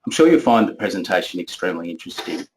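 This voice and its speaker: A man's voice: low-pitched, big pitch swings, very fast, a little hiss or hum, rough recording. A man hosting a webinar, giving a polite and formal introduction of the speaker. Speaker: webinar host.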